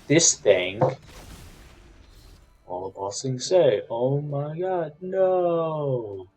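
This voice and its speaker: Slow-talking frustrated man commentating a card game. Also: a little high. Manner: frustrated, swings from loud ranting to muttered counting. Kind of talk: casual gameplay commentary.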